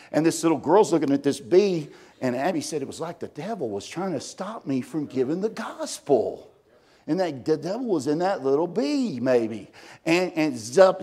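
Male preacher, husky voice, storytelling sermon, big swings between loud and hushed. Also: fairly high pitch. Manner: animated, swings from loud bursts to hushed tones.

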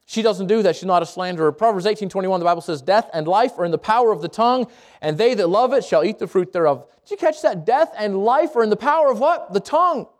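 A man preaching a sermon to a congregation, lively and conversational, with jokes, asides and quick self-corrections. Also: sits high. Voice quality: speaks around braces. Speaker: pastor.

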